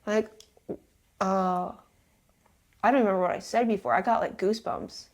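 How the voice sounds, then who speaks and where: A woman hosting a live stream, chatting casually indoors and quickly thanking viewers. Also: medium pitch. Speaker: livestream host. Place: indoors in an old house.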